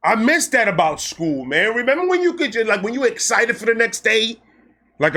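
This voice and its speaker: A man telling a personal story in a casual vlog, excitable, animated and full of profanity. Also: extremely high pitch, brisk. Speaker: storyteller host.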